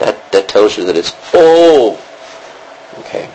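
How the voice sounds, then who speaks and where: A man's voice: medium pitch, moderate pace, slight background noise, poor audio. A man teaching a classroom lesson, explaining in a roundabout way and checking in with his students. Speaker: Greek teacher. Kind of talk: classroom lecture.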